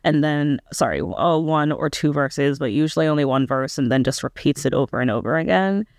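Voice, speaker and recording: A woman's voice: low voice, animated, fairly quick, a little mellow, dry recording, studio quality. A young woman giving a casual, candid reaction review of a pop album, hesitant and full of "um" and "like" as she thinks aloud. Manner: candid, self-questioning critique.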